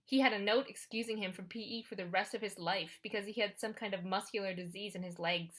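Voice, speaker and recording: A woman's voice: mid-range voice, fast talker, fairly bright tone. A woman narrating an audiobook in the first person, in a wry, conversational storytelling manner.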